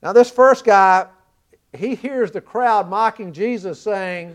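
A preacher from the American South, a man with a high-pitched voice, delivers a slow sermon. He retells the story earnestly, leaning in and building to loud emphasis on the key lines.

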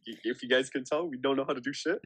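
A man's voice: medium pitch, steady tone, racing, background noise. A man co-hosting a casual podcast, tossing in joking, sarcastic asides. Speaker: podcast co-host. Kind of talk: casual chat.

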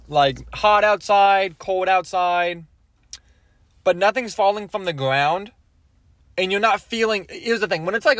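A man's voice: on the high side, a bit bright, no room sound. Rambling young man, dry close mic. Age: 20s. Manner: rambling, self-interrupting, asks "okay?" often. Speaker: podcast host. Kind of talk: rambling comedic monologue.

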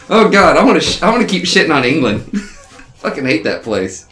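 A man's voice: a little high, big pitch swings, moderate pace. A man, talking crude, mocking banter with a friend. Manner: loud, crude, mocking, laughs often. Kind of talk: casual profane banter. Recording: roomy echo.

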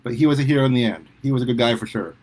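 A man voicing a sheepish young male superhero who talks haltingly to his mother. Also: mid-range voice, darkish tone, natural voice. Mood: hesitant, earnest. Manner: halting, hesitant, lots of restarts.

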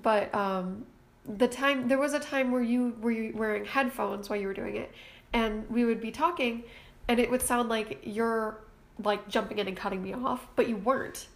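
A woman's voice: fairly high pitch, moderate pace. A woman co-hosting a casual podcast, her voice nasal and congested from allergies, laughing often and swearing casually. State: stuffy from allergies. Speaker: podcast co-host. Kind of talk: casual chat. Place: home room with her sisters.

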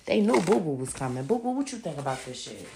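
Animated, swearing woman ranting at home. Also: sits low, quick pace, creaky, background noise. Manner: loud, emphatic, swears constantly, addresses listeners as y'all. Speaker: podcast host. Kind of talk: casual profane rant to listeners. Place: at home, walking around the house.

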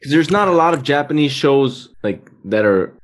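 A man's voice: on the high side, lively intonation, normal speed. A young man in casual conversation as a podcast co-host, blunt and opinionated, swearing freely. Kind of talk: casual chat.

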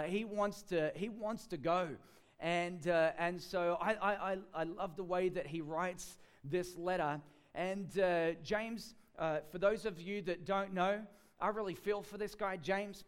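A man's voice: high voice, clear, resonant tone. A man preaching a sermon in a chatty storytelling way, with many fillers and restarts.

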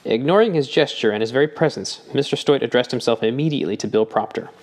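A man narrating a novel in a measured, even audiobook reading. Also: mid-range voice. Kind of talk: scripted narration.

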